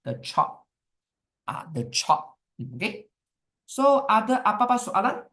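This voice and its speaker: A young woman with a Malaysian English accent teaching a history revision class, coaxing and animated, slipping in Malay words. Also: a little high, measured pace. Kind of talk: online exam revision class.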